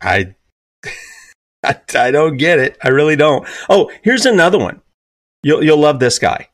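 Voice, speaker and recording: A man's voice: a little high, big pitch swings, a little slow, fairly bright tone, dry recording, clean studio sound. A man in his fifties with a Southern US accent hosting an opinionated talk radio show, asking rhetorical questions and pushing his voice up on key points. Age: 50s.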